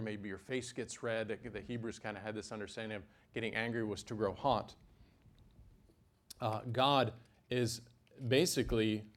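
A man preaching a sermon, animated, with sudden jumps in pitch and loudness and dry asides.

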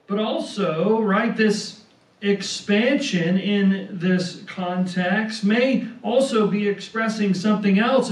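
A man preaching a sermon, slow and deliberate, who often repeats words and tags on "right?". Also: high voice. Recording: roomy sound from a distance.

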